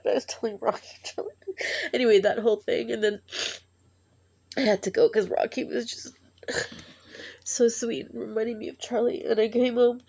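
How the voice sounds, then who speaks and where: A woman telling a tearful personal story in a halting, emotional way, sighing and breaking off as she grieves. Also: a little high, fairly even intonation, gravelly, darkish tone. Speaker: vlogger.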